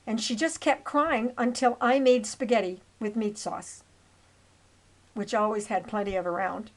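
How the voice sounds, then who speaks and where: A woman's voice: on the high side, fairly even intonation, moderate pace, rough recording. A woman in her seventies tells her own life story over old photos, earnest and rambling, with restarts and asides. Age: 70s.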